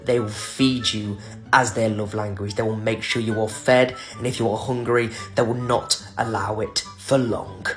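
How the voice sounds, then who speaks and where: A man speaking emphatically and warmly to camera in a casual vlog. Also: on the low side, normal speed, soft background music. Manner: lively, warm-hearted and emphatic.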